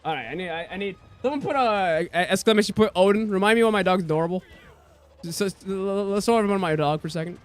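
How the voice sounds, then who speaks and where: A man's voice: sits high, fast talker. A young man streaming a game, ranting casually and swearing a lot as he acts out what people said to him. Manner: ranting, profane, mimics people he quotes. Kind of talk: casual rant while streaming.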